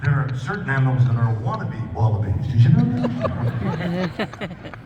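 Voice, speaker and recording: This convention guest speaker has a fairly high voice with big pitch swings and talks a little slowly, rambling through a self-deprecating story full of restarts. The audio is dull, with heavy noise from a crowd behind him. He's picked up from afar in a large, echoey hall.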